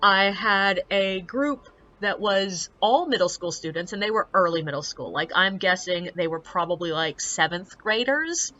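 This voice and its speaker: Bright, chatty woman telling stories. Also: medium pitch, moderate pace, few pauses, muffled recording. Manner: chatty, animated, filler-heavy. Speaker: ghost tour guide. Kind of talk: casual storytelling to camera.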